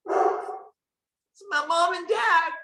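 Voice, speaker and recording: A middle-aged woman, teaching furniture finishing in a casual online mentoring session and telling stories with lively acted-out dialogue. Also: extremely high pitch, drawn-out words. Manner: animated storyteller, acts out what people said. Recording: roomy echo.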